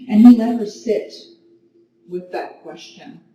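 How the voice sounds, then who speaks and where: A woman yoga teacher guiding a class and telling a story between poses, with calm, gentle cues. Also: mid-range voice, takes it slowly. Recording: very echoey room, mic at a distance, faint noise.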